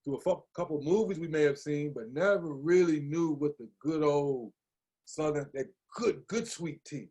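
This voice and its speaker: A man in his fifties from Maryland, a podcast guest telling stories in a lively, slangy way and acting out what others said. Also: a little high, normal speed, breathy edge. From Hagerstown, Maryland, USA. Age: 50s. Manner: animated, slangy, acts out quoted voices. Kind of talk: conversational storytelling.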